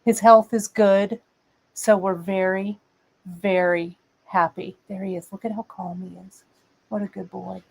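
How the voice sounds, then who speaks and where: A woman's voice: mid-range voice, little pitch movement, measured pace, creaky, a little mellow, slightly rough, rough recording. A woman in her fifties hosting a live beading show, chatting casually and meandering as she talks to viewers and her cat. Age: 50s. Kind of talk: casual live-stream chat. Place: workshop bench, indoors.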